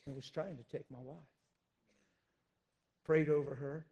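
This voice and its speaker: Husky, impassioned preacher man. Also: on the high side, fairly even intonation, a little slow, long pauses, dull audio. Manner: emphatic, swinging from loud declarations to hushed recounting. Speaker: pastor. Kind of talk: sermon testimony.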